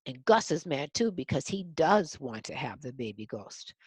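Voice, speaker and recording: A woman's voice: low-pitched, big pitch swings, normal speed, slightly rough, dry recording. A woman reading a picture book aloud to children, stopping to explain the pictures in simple words. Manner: explains the pictures to young listeners. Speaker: storybook reader.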